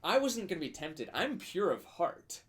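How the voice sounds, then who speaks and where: A man with a slightly high voice narrates his character's heroic backstory at a board game night. He keeps it earnest and mock-noble, with casual fillers between lines. His pitch rises and falls with lively swings. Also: normal speed. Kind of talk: improvised in-character storytelling.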